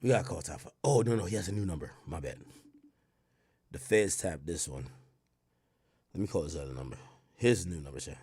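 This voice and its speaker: A man from Jamaica hosting a livestream, ranting loudly and profanely, dropping from shouts to low mutters. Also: lively intonation, brisk, pauses often, slightly rough, dry recording. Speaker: livestream host. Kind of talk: animated livestream rant.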